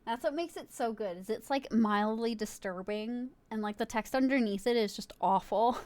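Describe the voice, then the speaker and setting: A woman's voice: a little high, moderate pace, darkish tone, no echo. A woman streaming live, chatting casually and giggling, swearing freely as she talks to her viewers and a friend in chat.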